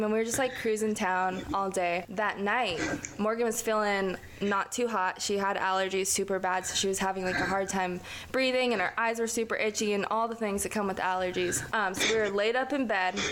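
A woman's voice: mid-range voice, brisk, background noise. A young woman casually telling a story to a friend, slangy and profane, full of "like" and "dude". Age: young adult.

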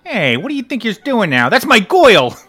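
Guy putting on a squawky jealous cartoon sailor, gravelly drawl, bouncing way up and down, dry close sound. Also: high voice, wildly swooping pitch, normal speed, a bit bright, dry recording, faint music behind, exaggerated voice. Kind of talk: comedic reading.

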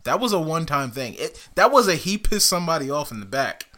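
A man co-hosting a podcast in casual chat, excitable, laughing often and swearing freely. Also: a little high, quick pace. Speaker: podcast co-host.

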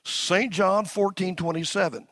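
A man's voice: high voice, fairly even intonation, a little slow, fairly bright tone, dry recording, clean studio sound. A male pastor preaching a sermon, repeating phrases and leading the congregation in call-and-response. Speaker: senior pastor.

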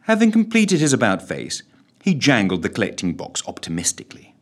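A man narrating a scripted audio story with a theatrical, wry, very animated delivery and a husky voice. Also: fairly low pitch, a little fast.

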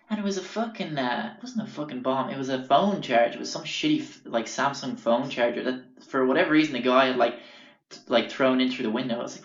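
A man's voice: mid-range voice, a little fast. Young guy, rambling swear-heavy anecdotes; echoey room, dull sound. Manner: rambling, swears constantly, loses track of names. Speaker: storyteller. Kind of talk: casual profane anecdote.

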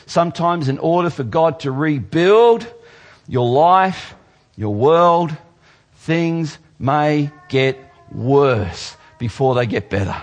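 A male pastor preaching a sermon, dropping low and slow for scripture and jumping higher for playful mock voices. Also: lively intonation.

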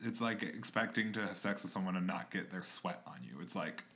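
A young man co-hosting a podcast in casual chat, laughing often and breaking into loud bursts as he tells stories. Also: low voice, fairly quick. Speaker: podcast co-host.

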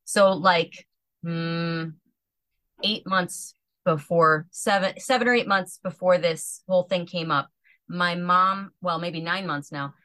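Woman, thirties, low voice, dry close sound; a chatty storyteller who acts out every quote. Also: slow pace, no room sound. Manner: animated, acts out quotes, many "like" fillers. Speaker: podcast guest. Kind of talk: casual storytelling chat.

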